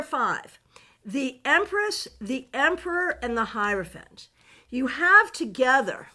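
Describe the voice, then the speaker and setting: A woman teaching a live online tarot workshop, reading out viewers' comments, animated and laughing often, with many fillers and restarts. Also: sits high.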